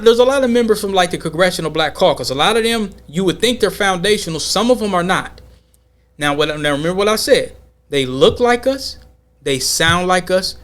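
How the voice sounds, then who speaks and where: A man hosting a podcast, talking in an emphatic, slangy, animated way during a casual debate. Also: sits high. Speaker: podcast host.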